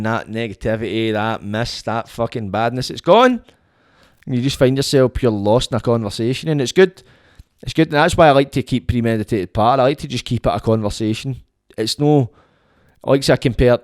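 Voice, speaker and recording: A man's voice: medium pitch, no room sound, studio quality. A Scottish man hosting a podcast, rambling and swearing in a casual monologue into his phone. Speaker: podcast host.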